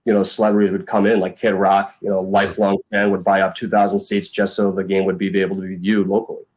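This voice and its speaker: Deep-voiced man telling stories. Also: flat delivery, fast talker, darkish tone, husky. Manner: rambling, frequent fillers, acts out quoted lines. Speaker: podcast guest, former punter. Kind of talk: casual storytelling chat.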